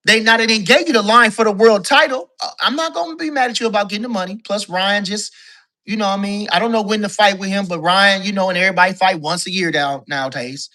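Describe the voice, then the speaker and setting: Man, bright forceful voice, call-in boxing guest, profane, emphatic, repeats himself. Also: high-pitched, quick pace. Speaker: guest caller, boxing commentator. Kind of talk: casual boxing talk rant.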